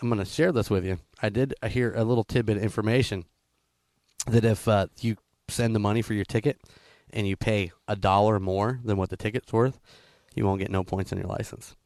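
A man's voice: lowish voice, fairly even intonation, fairly quick, a little mellow, no room sound. A man hosting a radio show, chatting casually and rambling with fillers. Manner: rambling, many fillers, laughs. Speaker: radio host.

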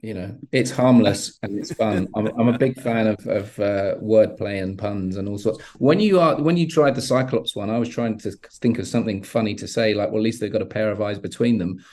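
Male guest, low and warm, measured with fillers. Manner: measured, hesitant, many fillers. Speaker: guest actor. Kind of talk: casual interview chat.

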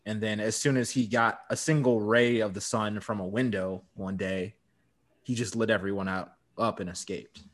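A man's voice: on the low side, fairly even intonation, moderate pace. Brief: man in a casual podcast chat who recaps the plot and laughs easily. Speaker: podcast co-host.

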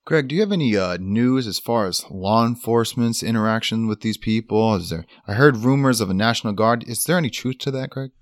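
A man's voice: on the low side, brisk, hardly any pauses, dry recording, lightly acted. A man playing a formal studio news anchor in a comedy improv bit, with a mock-serious delivery.

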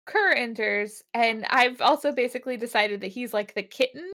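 A woman's voice: a little high, a bit bright. A woman co-hosting a podcast in casual chat, laughing often and swearing freely as she recaps an episode. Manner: laughs often, swears freely, acts out characters in quick asides. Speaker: podcast co-host.

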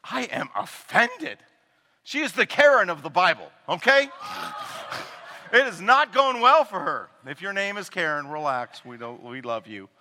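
Male pastor, slightly high and bright-toned, animated sermon full of jokes and voiced quotes, long reverb of a big hall. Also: moderate pace. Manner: animated and joking, acting out quoted people. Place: church sanctuary.

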